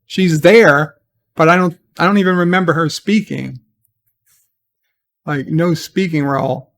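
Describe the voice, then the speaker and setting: Slow, gravelly-voiced man reviewing a show. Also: fairly high pitch, a bit bright. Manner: exasperated, rambling, with repeated restarts. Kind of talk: casual spoken review.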